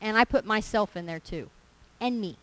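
A woman preaching a sermon, earnest and emphatic, slowing down to stress scripture. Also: medium pitch, fairly bright tone, smooth, poor audio.

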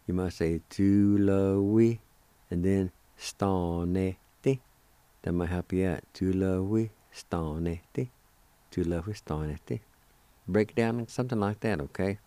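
A man's voice: low-pitched, dark tone, no echo. A man hosting a radio language lesson, patiently spelling and sounding out words syllable by syllable. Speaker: radio host teaching a language.

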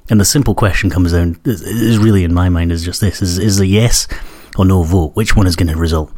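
A man's voice: sits low, a little fast, a little mellow. A man in his thirties with a Scottish accent that carries traces of Newcastle, hosting a podcast in a casual, rambling, self-deprecating monologue full of fillers. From Scotland. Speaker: podcast host.

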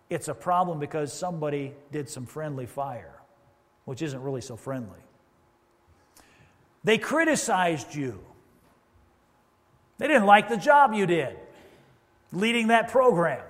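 A high-pitched man preaches from the pulpit, talking to his congregation in a conversational way and slipping into quoted voices. The sound carries a long reverberant tail from the church hall around him. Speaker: pastor. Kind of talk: sermon. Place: church sanctuary.

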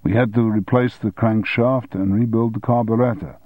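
A man's voice: fairly low pitch, fairly even intonation, normal speed, no room sound, phone-quality sound, close to an everyday voice. A man doing an unmoved, dry-witted mechanic. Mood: dry calm. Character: calm, dry-witted German male garage mechanic. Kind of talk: audiobook character voice.

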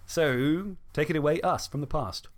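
A man hosting a podcast in casual chat, joking with his co-hosts. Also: on the high side. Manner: jokey, rapid, laughs often. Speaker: podcast host.

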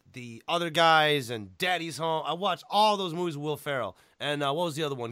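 A man hosting a podcast in casual chat, excitable and joking, swearing freely. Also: on the high side, a little fast, few pauses, smooth, dry recording, studio quality. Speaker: podcast host.

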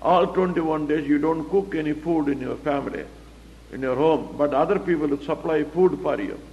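A man's voice: fairly high pitch, moderate pace, gravelly, a little mellow, slight background noise. A man teaching the Bible verse by verse, explaining it plainly and asking rhetorical questions. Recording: echoey hall, dull lo-fi recording.

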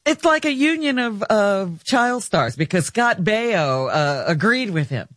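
A man's voice: sits high, sing-song, unhurried, a bit bright, no echo, clean studio sound. A male co-host chiming in agreeably during a casual chat. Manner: chiming in, agreeable, laughing along.

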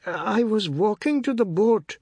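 A man narrator voicing a sulky, furious young boy who shrieks his lines in a high voice. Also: animated, unhurried, darkish tone, breathy edge, no echo, exaggerated voice. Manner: high, shrill and screaming.

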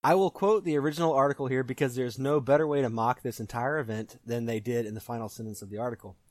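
A man's voice: mid-range voice, fairly even intonation, fast, dry recording, clean studio sound. A man hosting a casual quiz, reading strange news articles aloud in a wry, mock-formal way. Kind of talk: casual podcast banter.

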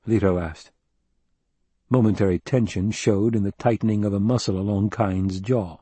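A man narrating an audiobook in a steady, even-toned way. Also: lowish voice, normal speed, breathy edge, dry recording. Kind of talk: scripted narration.

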